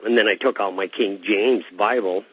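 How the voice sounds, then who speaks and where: A man's voice: on the low side, normal speed, a bit bright, breathy edge. A man calling in to a radio show, talking hesitantly and rambling with many fillers. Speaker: caller. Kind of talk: phone-in call. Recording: dull lo-fi call audio.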